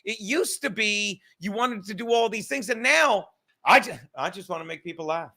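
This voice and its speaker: A man, a comedian hosting a podcast, talking in crude, animated, profane banter. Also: high voice, moderate pace. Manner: crude, animated, swearing often. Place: car.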